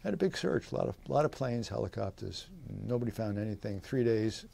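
In an oral history interview, a gravelly-voiced veteran in his eighties tells rambling stories packed with fillers and laughs. He speaks briskly with a fairly low pitch, lively intonation and a warm tone, livening up his voice when quoting others.

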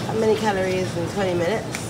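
A young woman talks to her phone in a loose, rambling vlog chat, circling back to her point and checking in with the viewer. Her voice sits at a middle pitch. Clear background noise runs under her throughout. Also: fairly even intonation, quick pace. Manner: chatty, rambling, keeps asking "do you know what I mean". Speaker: vlogger. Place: out and about, car, gym, home.

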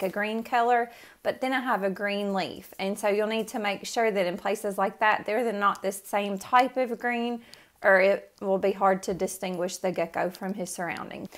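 A woman's voice: mid-range voice, fairly bright tone. A woman art teacher giving a casual step-by-step tutorial in her studio, talking loosely with lots of "um" and "like". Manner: casual, friendly, many fillers like "um" and "like".

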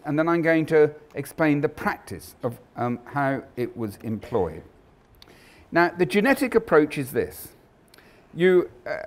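A man giving a scientific lecture, emphatic and animated, with frequent ums and restarts. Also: on the high side. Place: lecture hall.

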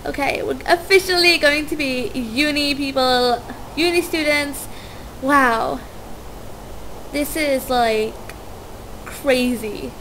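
A young woman doing casual let's play commentary, gushing with excitement and stumbling over words as she plays. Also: sits high, takes it slowly, pauses often, slight background noise.

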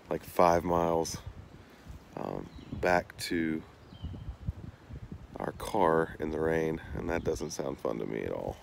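Young male vlogger, very low voice, slow and easygoing delivery, recorded outdoors with steady background noise. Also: gravelly. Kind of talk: casual vlog narration. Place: outdoors on a hiking trail.

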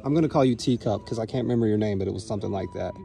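A man on a casual walking vlog outdoors, talking to cats in gentle baby talk. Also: lowish voice, rapid-fire, vocal fry. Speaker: vlog co-host. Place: outdoor neighborhood street.

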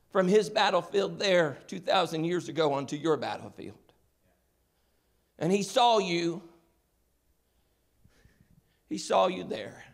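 A man with a notably high voice delivers a church sermon. He preaches earnestly, leaning on repeated refrains to build his point. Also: gravelly. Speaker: pastor. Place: church sanctuary.

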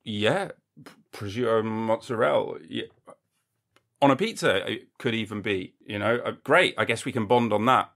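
A man's voice: lowish voice, expressive, normal speed, gravelly, fairly bright tone. A man hosting a podcast in a casual comedic monologue, rambling and jokey, swearing freely and acting mock-indignant. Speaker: podcast host.

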